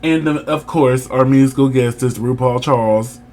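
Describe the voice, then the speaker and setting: A man co-hosting a casual review chat, animated and teasing as he leads the talk. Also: medium pitch, normal speed. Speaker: podcast co-host.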